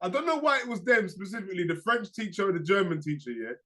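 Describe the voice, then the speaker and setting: A young man talks casually on a podcast, his voice pitched high and sounding bright and forward. He tells stories in animated, slangy bursts, laughing through his anecdotes. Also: fast. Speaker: podcast co-host. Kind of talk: casual chat.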